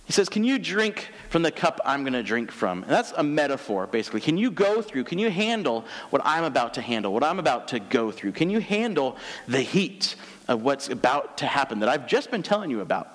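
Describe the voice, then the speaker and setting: A man pastor giving a conversational, animated sermon, slowing down to read scripture aloud. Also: mid-range voice. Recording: long hall reverb.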